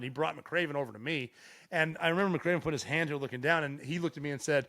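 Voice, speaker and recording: A man's voice: on the high side, quick pace. A middle-aged man from Montana, a podcast guest telling stories in casual chat with plenty of swearing. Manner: profane, animated storyteller. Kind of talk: casual storytelling.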